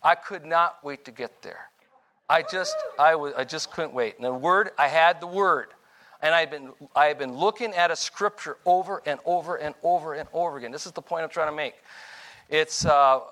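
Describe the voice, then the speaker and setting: A man's voice: a little high, sharp tone. An older man giving a rambling, informal testimony sermon, correcting himself as he goes and chuckling between points. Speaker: preacher.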